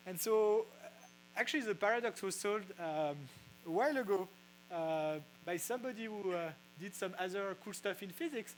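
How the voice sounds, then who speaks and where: A man with a French accent giving a casual science talk, halting with many fillers and restarts. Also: high voice, slight background noise, poor audio. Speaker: physicist explaining brewing science. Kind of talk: casual lecture. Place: brewery.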